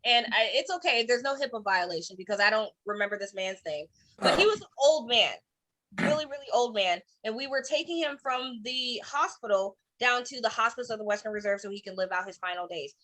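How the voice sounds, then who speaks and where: Brash, high, bright-voiced woman comic. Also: fairly quick. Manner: brash, profane storytelling with deadpan asides. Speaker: stand-up comedian. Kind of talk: stand-up set. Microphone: video call.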